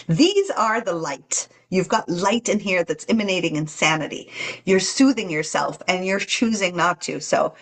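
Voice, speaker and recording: Woman, husky low voice, earnest spiritual teacher, acts out inner voices. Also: animated, moderate pace, fairly bright tone, low-quality recording. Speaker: guest channeler. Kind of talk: spiritual podcast talk.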